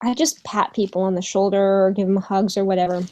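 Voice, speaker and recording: A young woman telling a storytime vlog from her bedroom, hesitant with many pauses and fillers, swearing casually. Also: medium pitch, fairly even intonation, warm tone, slight background noise, poor audio. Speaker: vlogger.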